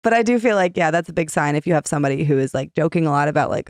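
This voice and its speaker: A quick-talking woman in a casual podcast chat, dry close-mic sound. She is chatty and self-mocking and slips into little quoted voices. Her voice sits a touch low. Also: animated, dry recording. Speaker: podcast co-host.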